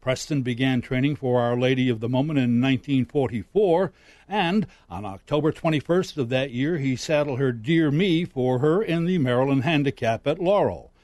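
A man's voice: medium pitch, moderate pace, darkish tone, dry recording. A man giving a formal, stately scripted narration about racing history, close on the mic.

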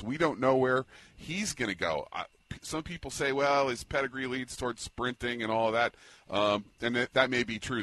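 Man, racing analyst, low voice, measured, dry studio sound. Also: fairly bright tone, no echo. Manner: analytical, measured, some hesitant restarts. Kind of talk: horse racing radio talk.

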